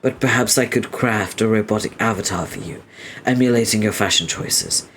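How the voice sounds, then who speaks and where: A man's voice: on the low side, normal speed, a bit bright, slight background noise. A man reading as a prim, long-winded young male troll inventor who talks in a formal, stiffly polite way.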